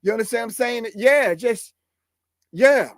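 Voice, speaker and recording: Sex: man. Quality: raspy, high-pitched, blunt. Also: measured pace, no echo, clean studio sound. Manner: blunt, profane, emphatic, keeps asking if you follow. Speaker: hip hop artist and producer. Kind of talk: casual studio talk to a live audience.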